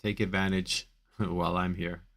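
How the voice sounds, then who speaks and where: Deep-voiced casual man coaching live. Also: flat delivery, moderate pace, fairly bright tone. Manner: casual, many fillers, repeats for emphasis. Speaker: back pain coach. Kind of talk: live Q&A stream.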